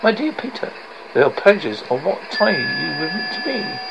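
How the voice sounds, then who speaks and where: A silky, mocking old baron, as a man reads him aloud, cruel and scheming. The voice is very gravelly and rises and falls a lot. It comes across as a storybook reading rather than a full performance. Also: fairly high pitch, sing-song, normal speed, background noise.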